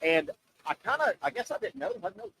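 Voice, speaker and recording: A man hosting a live radio show from an open-air oyster bar, chatting loosely and joking in a rambling, animated way. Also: very high-pitched, brisk, creaky, breathy edge, poor audio. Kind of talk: casual radio chat.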